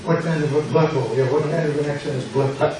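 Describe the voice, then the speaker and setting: Older American pastor teaching a Greek class. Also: male voice, on the high side, steady tone, quick pace, a crowd in the background. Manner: quizzing students, repeating words, playful puns. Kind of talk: classroom lesson with drills. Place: church classroom. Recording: very echoey room, mic far off, noise.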